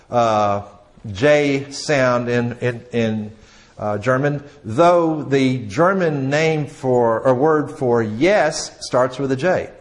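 A man with a mid-range voice lectures a class conversationally, often restarting his sentences and asking the audience questions. His voice drops quietly at the ends of phrases.

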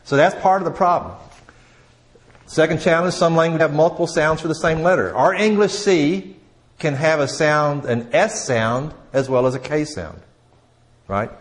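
A man teaching a class in a conversational way, with frequent restarts, questions to the audience, and a voice that drops quietly at the ends of phrases. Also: fairly high pitch, normal speed. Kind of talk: classroom lecture.

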